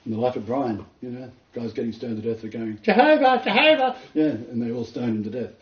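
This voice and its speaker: A man's voice: mid-range voice, level tone, quick pace. Earnest man teaching scripture, roomy and distant. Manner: earnest, explanatory, quotes scripture and commentators. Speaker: Bible teacher. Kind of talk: informal Bible study teaching. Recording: roomy, distant, dull lo-fi sound.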